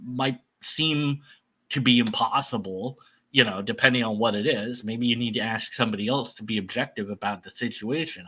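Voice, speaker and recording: Rambling male commentator with a bright voice, loose and conversational. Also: medium pitch, slightly rough, rough recording. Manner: rambling, many restarts and asides. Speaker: reaction commentator. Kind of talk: casual reaction commentary.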